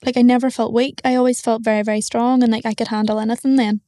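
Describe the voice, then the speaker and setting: Young woman, Northern Irish accent, blunt, matter-of-fact, flat intonation, dark tone. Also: fairly high pitch, fast, no room sound, clean studio sound. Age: young adult. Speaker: guest. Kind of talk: candid interview talk.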